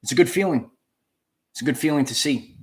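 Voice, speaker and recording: A channel host with a mid-range voice runs a spiritual livestream, speaking briskly to his viewers. He repeats key phrases with preacher-like emphasis.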